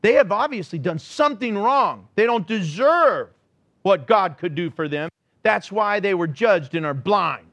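A man preaching a sermon in a church, animated and joking, acting out the people he describes. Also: sits high, measured pace, dry recording. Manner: animated, acts out quotes, joking. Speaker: pastor.

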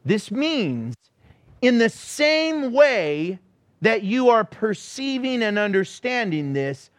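A man preaching a sermon in a church, animated and joking, acting out the people he describes. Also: sits high, no room sound. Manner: animated, acts out quotes, joking. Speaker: pastor.

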